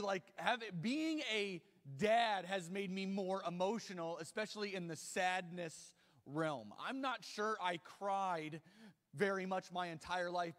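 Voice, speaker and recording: Male pastor, high voice, animated self-mocking sermon, long hall reverb. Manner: animated, self-mocking preaching with sudden loud outbursts. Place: large church hall.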